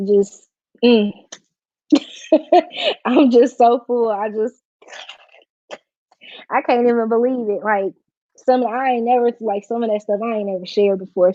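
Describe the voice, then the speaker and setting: A woman with a mellow, mid-range voice hosts a casual livestream, speaking from the heart in slangy, informal language while on the verge of tears. The audio is dry with no echo, a slightly dull lo-fi stream sound.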